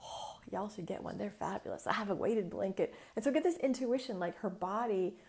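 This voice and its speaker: A woman hosting a casual solo podcast, chatty and animated as she tells a client story. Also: mid-range voice, brisk. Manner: chatty and animated, acts out voices in quotes. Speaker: business mentor and podcast host.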